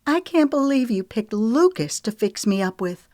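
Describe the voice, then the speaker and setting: A woman voicing a proud, emotional young woman in an audiobook, high-strung and close to tears. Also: lively intonation, normal speed, darkish tone, no echo, lightly acted. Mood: tearful. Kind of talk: audiobook character reading.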